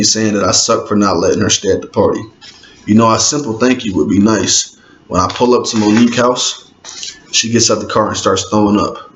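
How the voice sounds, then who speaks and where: Author reading his book aloud, man with a lowish voice, relaxed and slangy, roomy dull lo-fi recording with faint hiss. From Indiana, US. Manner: laid-back, conversational, street slang. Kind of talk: casual audiobook reading with asides to listeners.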